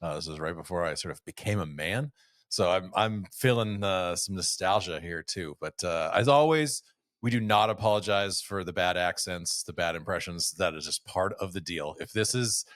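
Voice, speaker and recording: Low-voiced man in his forties telling stories. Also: normal speed, no echo, clean studio sound. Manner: relaxed storytelling with many fillers. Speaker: podcast co-host. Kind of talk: casual chat.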